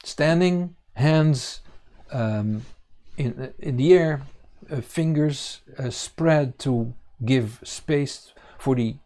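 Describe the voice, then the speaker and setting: A man teaching a congregation on scripture, pausing often with fillers and restarting his sentences. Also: medium pitch, dark tone. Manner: halting, many fillers and restarts. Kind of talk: bible teaching.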